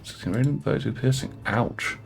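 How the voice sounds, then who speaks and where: A man narrating as game master of a tabletop game, halting with frequent restarts and fillers. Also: mid-range voice, gravelly. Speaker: dungeon master.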